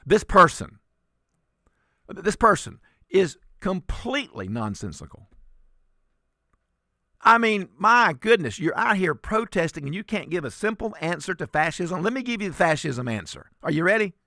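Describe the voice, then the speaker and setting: A man's voice: high-pitched, big pitch swings, normal speed, bright, forceful tone, no echo, studio quality. A man filling in as a talk radio host, giving emphatic, sarcastic commentary and often repeating words.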